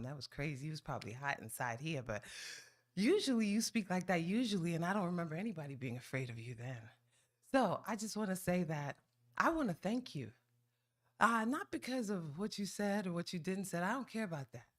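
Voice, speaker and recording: A woman giving an informal public comment at a council meeting, talking in a playful, folksy, teasing way and often drawing out "ooh". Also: fairly low pitch.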